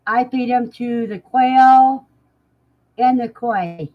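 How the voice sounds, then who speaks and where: A woman's voice: a little high, narrow, tinny audio. A woman hosting a livestream, casually reading out viewers' comments and answering them, laughing often. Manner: unhurried, chatty, laughs often. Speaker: livestream host.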